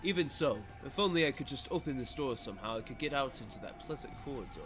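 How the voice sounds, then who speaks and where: A man's voice: medium pitch, expressive, quick pace. A man streaming a visual novel, reading its first-person narration aloud with dramatic, pleading repetition. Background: game music.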